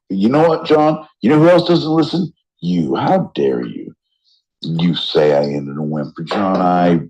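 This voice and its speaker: A man co-hosting a podcast in casual banter, rowdy and joking, often jumping into loud mock voices. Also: low voice, low-quality recording. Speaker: podcast co-host.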